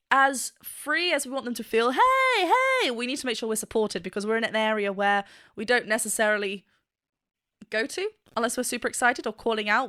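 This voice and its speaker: In a reaction video, a woman vocal coach offers enthusiastic, explanatory commentary, occasionally breaking into brief sung demonstrations. Her voice is on the high side and a bit bright. The studio-quality recording has no echo.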